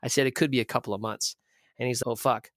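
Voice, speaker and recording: Male podcast guest, middle-pitched, blunt and profane storyteller, dry close sound. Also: racing, dry recording. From Southern California. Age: 30s. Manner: blunt, profane, animated storyteller who acts out quoted dialogue. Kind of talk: candid conversational storytelling.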